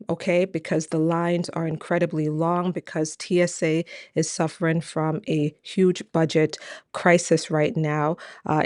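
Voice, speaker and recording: Low-voiced woman hosting immigration news, chatty and direct, recorded dry and close. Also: darkish tone, no room sound. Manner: chatty, many fillers, asks viewers questions. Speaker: immigration lawyer and host. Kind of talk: casual news commentary to camera.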